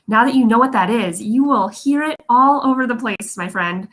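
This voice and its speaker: A woman's voice: fairly high pitch, a little fast, hardly any pauses, a bit bright. A young adult woman vocal coach giving a casual livestream lesson, chatty and encouraging.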